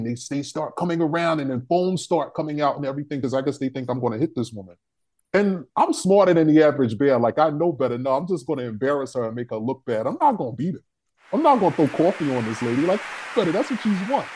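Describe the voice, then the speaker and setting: A young adult man telling a story on a discussion panel, profane, animated and emphatic. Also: a little high, fast talker, husky.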